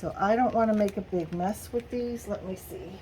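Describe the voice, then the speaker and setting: A woman's voice: mid-range voice, moderate pace, noisy background. A middle-aged woman, chatting casually and giggling through a haul video at home. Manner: chatty, giggly, addresses viewers as y'all. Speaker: crafting vlogger.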